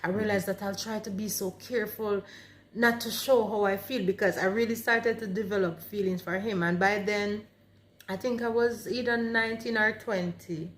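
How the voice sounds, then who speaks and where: Jamaican woman, 40s, vlog co-host; lively storyteller who slips into the voices of the people in her story. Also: mid-range voice, normal speed. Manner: animated, reenacts dialogue vividly. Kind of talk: casual storytelling chat.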